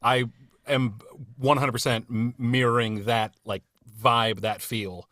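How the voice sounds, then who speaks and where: Bright, eager man chatting. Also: medium pitch, fairly even intonation, slow pace, dry recording. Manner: eager, apologetic rambling. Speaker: podcast cast member. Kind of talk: casual podcast chat.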